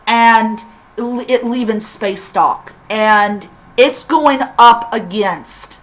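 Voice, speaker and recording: A woman giving a casual spoken episode review, gushing and excitable, with frequent halting restarts. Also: medium pitch, rough recording.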